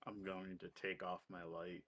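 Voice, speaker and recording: A man's voice: sits low, little pitch movement, normal speed, a bit bright, muffled recording. A man playing in a tabletop game, thinking aloud hesitantly with fillers. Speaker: player. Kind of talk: casual tabletop game talk.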